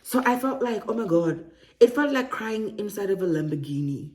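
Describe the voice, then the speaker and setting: A woman from Africa, talking excitedly in a casual vlog and laughing often. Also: mid-range voice, moderate pace. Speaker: relocation vlogger. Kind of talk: casual enthusiastic vlog talk.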